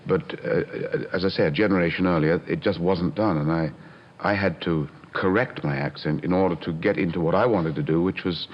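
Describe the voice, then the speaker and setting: Older man, deep halting reflection. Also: highs cut off. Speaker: interviewee actor.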